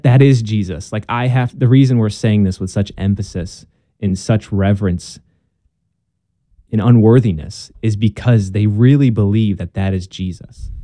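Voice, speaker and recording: A man's voice: lowish voice, dark tone, no room sound. A young man telling his conversion story in a casual interview, earnest and chatty with plenty of fillers and restarts.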